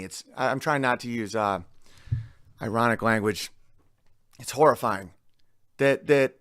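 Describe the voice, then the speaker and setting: A man hosts a podcast in a loose, wandering monologue, frequently starting over and singing fragments of song lyrics. His voice sits on the high side with a fairly bright tone, captured in clean studio sound with no echo and faint music underneath.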